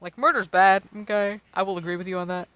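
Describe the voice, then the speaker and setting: A man's voice: high voice, steady tone, fast, smooth, no room sound, lo-fi sound. An American man in his twenties, tipsy and rambling in casual, profane chat while streaming a game, laughing often. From United States. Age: 20s.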